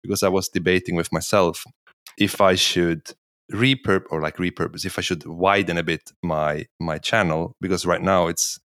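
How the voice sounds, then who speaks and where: Low gravelly guy on a podcast, kinda hunting for words, dry mic. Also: steady tone, normal speed, fairly bright tone, no room sound. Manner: searching for words, with restarts. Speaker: podcast co-host. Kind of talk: casual chat.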